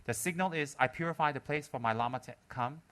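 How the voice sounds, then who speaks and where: A high, bright male voice gives a humorous dharma talk to students. He speaks with an animated swing and often breaks into mimicry and laughter. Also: fast. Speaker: Buddhist lama teaching students.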